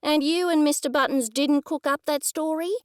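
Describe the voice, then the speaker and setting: A woman's voice: high-pitched, steady tone, moderate pace, no room sound, pitched above the performer's own voice, natural voice. A woman narrator voicing a stern middle-aged male police detective, probing and accusing in a dry manner.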